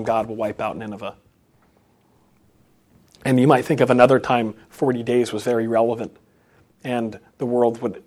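A man preaching an unscripted sermon, halting often and restarting phrases, then rising for emphasis. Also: medium pitch, darkish tone.

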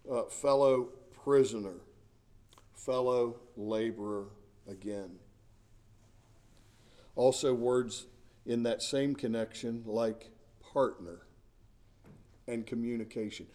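A middle-aged male pastor delivers a sermon at an unhurried, deliberate pace. His voice is mellow and warm, set at an ordinary male pitch. He preaches earnestly, leaning on key words and circling back on phrases as he builds his point. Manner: earnest, emphatic preaching with repeated words and restarts.

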